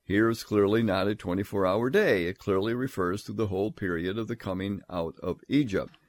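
A man giving a scripture lecture, emphatic, reading verses aloud in a measured, solemn tone. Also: lowish voice. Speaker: Bible teacher.

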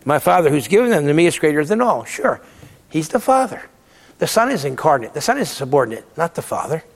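A man's voice: fairly high pitch, big pitch swings, brisk, gravelly, big-room sound. A man giving a Bible lecture, emphatic and repeating words to stress his points. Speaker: theology lecturer.

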